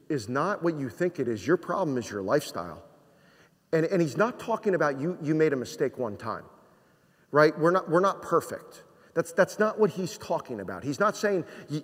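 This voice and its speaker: A man from New Jersey preaching a sermon, conversational, with rhetorical questions and slow, dramatic pauses. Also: on the high side, long reverb tail. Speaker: pastor.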